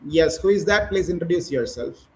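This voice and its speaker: Guy, kinda high voice, coaching teachers on a call, lots of uhs and mms. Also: expressive, moderate pace, vocal fry, poor audio. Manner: encouraging, corrective, many fillers. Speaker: English teacher trainer. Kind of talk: online training session, coaching teachers.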